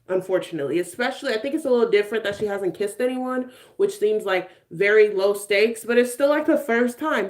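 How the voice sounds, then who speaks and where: Chatty, playful young woman streamer. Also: fairly high pitch. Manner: chatty and playful, laughing often, with slangy asides. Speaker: live stream host. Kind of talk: casual live-stream chat answering viewer comments.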